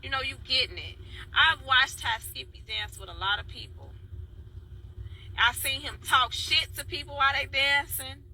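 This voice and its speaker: A woman's voice: high voice, unhurried, vocal fry, pushed and bright, a little hiss or hum, low-quality recording. A woman from Chicago talking in a heartfelt, rambling way, calling out to her viewers by name. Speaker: dance video blogger. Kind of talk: casual spoken vlog.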